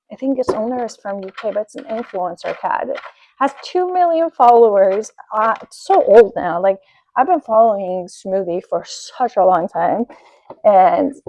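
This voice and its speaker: A woman's voice: fairly high pitch, a little mellow, no echo, rough recording. A woman in her forties telling a personal story in a casual vlog, chatty and rambling with many fillers while she works with her hands. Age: 40s. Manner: talks while doing a task with her hands. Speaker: vlogger.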